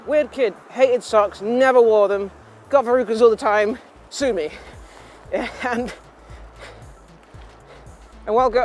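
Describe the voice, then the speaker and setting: A young Englishman with a high, light voice rambles through a childhood story, laughing at himself and wandering off on tangents. A soft music bed plays faintly underneath. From England. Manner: self-mocking, laughs often, trails into tangents. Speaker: vlogger.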